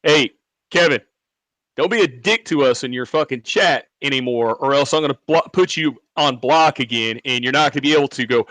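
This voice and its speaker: A man's voice: mid-range voice, a little fast, fairly bright tone, no room sound. A man co-hosting a live stream, blunt and profane, scolding a rival. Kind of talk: casual live stream chat.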